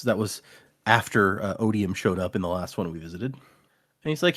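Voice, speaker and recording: A man co-hosting a casual book discussion podcast, retelling chapters with animated energy. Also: lowish voice, moderate pace. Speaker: podcast co-host. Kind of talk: casual chat recapping a book.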